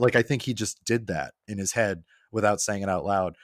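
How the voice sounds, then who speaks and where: Guy on a gaming podcast, lively storyteller, does little voices for quotes, dry close mic. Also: lowish voice, normal speed, hardly any pauses, no room sound. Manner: animated storyteller who acts out quotes. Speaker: guest. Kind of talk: casual podcast chat.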